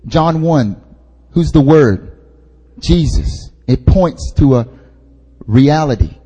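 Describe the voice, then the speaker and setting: A man's voice: a little high, animated, takes it slowly, mellow, breathy edge. A young man, an intern pastor, preaching at a prayer meeting in a casual, joking way, repeating his key points for emphasis. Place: church hall. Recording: long hall reverb.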